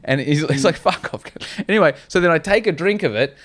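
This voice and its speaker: A man's voice: fairly high pitch, fast, a bit bright, dry recording. A young Australian man co-hosting a comedy podcast, telling rambling, profane stories in casual chat. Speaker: podcast co-host.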